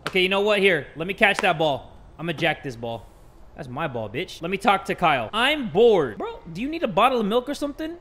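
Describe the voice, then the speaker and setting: A man hosting a horror game let's play, joking around and breaking into sudden loud outbursts. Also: high voice, very animated, fast talker. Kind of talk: horror gameplay commentary.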